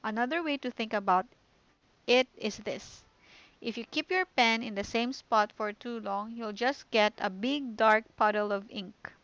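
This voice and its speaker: A woman voicing a poised, confident teenage girl who leads a club, reading game dialogue aloud in a calm, gentle way. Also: on the high side, unhurried, no echo, highs cut off. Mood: friendly.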